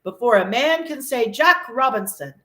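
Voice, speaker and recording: A woman voicing a jovial, fat old male merchant who calls out in hearty, drawn-out bellows, in a storybook reading. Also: fairly high pitch, animated, sharp tone, pitched above the performer's own voice. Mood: jolly. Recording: echoey room.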